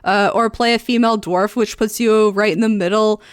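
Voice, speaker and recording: A woman's voice: mid-range voice, fairly even intonation, normal speed, clear, resonant tone, no room sound. Chatty young woman, dry close mic. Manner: chatty, frequent ums and likes, laughs often. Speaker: streamer and host. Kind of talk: casual chat reading and reacting to forum posts.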